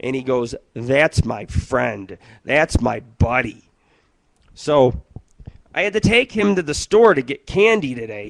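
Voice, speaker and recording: A middle-aged man hosting a radio show, telling rambling, profane comic stories in a crude monologue. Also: fairly high pitch.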